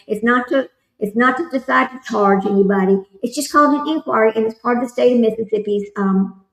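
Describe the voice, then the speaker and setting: A woman's voice: a little high, echoey room, low-quality recording. A woman hosting a casual livestream, rambling and talking straight to her viewers. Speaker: livestream host.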